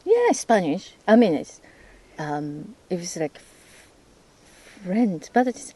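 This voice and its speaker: Slow, mellow-voiced woman searching for words. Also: on the low side, big pitch swings, breathy edge, rough recording. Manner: hesitant non-native English, searching for words. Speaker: host, English learner. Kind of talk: casual chat.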